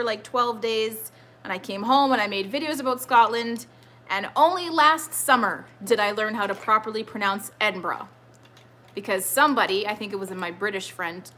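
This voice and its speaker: Bright-voiced chatty woman hosting live. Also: mid-range voice, a little hiss or hum. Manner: chatty, rambling, reads viewer comments aloud. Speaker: host of a trivia live stream. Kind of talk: casual live-stream chat. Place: home with children nearby.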